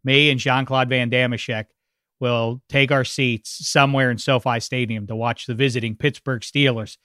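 A man with a bright, crisp voice hosts a casual sports chat. He is wry and a little rambling. The sound is dry and close. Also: mid-range voice, fairly even intonation, normal speed, no echo. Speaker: podcast host.

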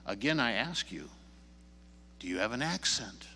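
A man's voice: fairly low pitch, sing-song, moderate pace, sharp tone, long reverb tail, slight background noise. A man from the Chicago area preaching a sermon, telling stories and pressing the congregation with emphatic questions. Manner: storytelling, rising emphatic questions. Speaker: pastor. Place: church sanctuary.

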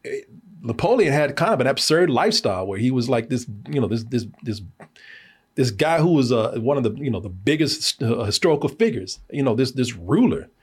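A man's voice: medium pitch, big pitch swings, a little fast, slightly rough. An American man hosting a film review podcast in casual chat. He talks animatedly, laughs often, swears and uses lots of fillers.

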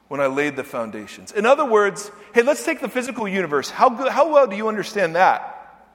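A man preaching a sermon as pastor, animated, dropping low and quiet then rising loud and emphatic. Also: brisk. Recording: reverberant hall.

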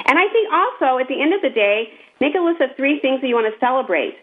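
A woman's voice: high-pitched, sing-song, quick pace. A woman co-hosting a casual chat, speaking in an earnest, encouraging way. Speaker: podcast co-host. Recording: tinny phone-line sound.

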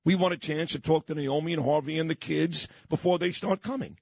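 A middle-aged man from Brooklyn hosts a morning radio program and shares nostalgic stories in relaxed chat. He speaks briskly in a fairly high, creaky voice, and the recording is dry.

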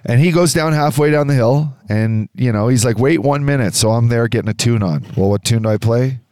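A man co-hosting a casual podcast, telling a story in an animated way, swearing and acting out the voices of other people. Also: mid-range voice, fairly quick, dry recording, clean studio sound. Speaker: podcast co-host.

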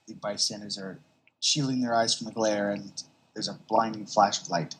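A man's voice: fairly low pitch, fairly even intonation, moderate pace, breathy edge, low-quality recording. A man hosting a podcast who recaps a comic casually and animatedly, acting out quotes. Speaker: podcast host.

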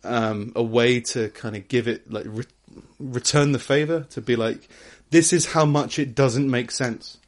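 A man's voice: mid-range voice, measured pace, few pauses. A young man co-hosting a casual podcast, laughing often and swearing as he talks. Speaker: podcast co-host.

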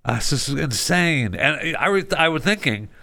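A man's voice: a little high, sing-song, a little slow, vocal fry, bright, forceful tone, dry recording. A man hosting a talk show, delivering a casual monologue with chatty, opinionated asides and wry humor. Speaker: radio show host.

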